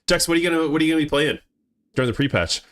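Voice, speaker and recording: A man streaming a game live, chatting casually with viewers, excitable, laughing often and swearing casually. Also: on the high side, very fast. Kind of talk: casual live-stream chat while playing.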